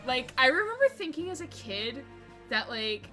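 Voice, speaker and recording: A woman's voice: high voice, sing-song, moderate pace, pushed and bright, faint music behind. A woman in her twenties, from the United States, chatting casually and giggly on a game stream with many "like"s. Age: 20s. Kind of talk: casual live-stream chat.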